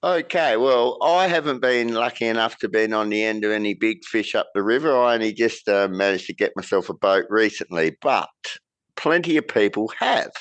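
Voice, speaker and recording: A man's voice: lowish voice, fairly bright tone. Wry man with an Australian accent. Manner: measured, wry, a few fillers. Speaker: podcast guest correspondent. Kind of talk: casual interview chat.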